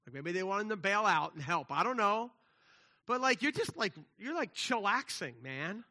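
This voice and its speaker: A man preaching a sermon, casual and conversational, with slang, moving between lively emphasis and hushed, soft passages. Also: high-pitched, normal speed. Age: adult with children. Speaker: pastor.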